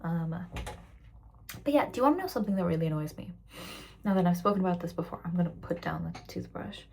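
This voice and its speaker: A young woman of about twenty with a mixed British-American accent, tired after work, rambling candidly in a casual vlog rant and slipping into soft whispers. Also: fairly low pitch, animated, fast talker, vocal fry, a little hiss or hum. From raised internationally, living in Britain. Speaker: waitress vlogger.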